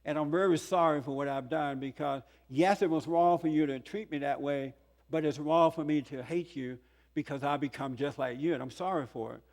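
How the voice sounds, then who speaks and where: An older man in his sixties tells his own story to a conference audience. His voice sits a touch high for a man, and he speaks earnestly, with chuckles and emphatic peaks. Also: a little fast, a little mellow. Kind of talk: testimony talk to a conference audience. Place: conference hall.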